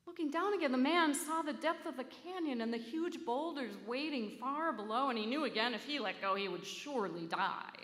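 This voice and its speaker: A woman minister delivering a sermon, telling a story slowly with dramatic emphasis. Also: fairly high pitch, expressive, fairly bright tone. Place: church sanctuary. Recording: echoey sanctuary with long reverb.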